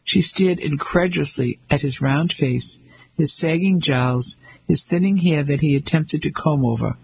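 Raspy male audiobook narrator. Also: a little high, a little slow, rough recording. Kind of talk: scripted narration.

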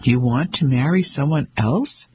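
A man with a raspy voice voicing a proud, indignant middle-aged English wife who speaks in clipped, cold tones. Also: medium pitch, a little slow, darkish tone. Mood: incredulous.

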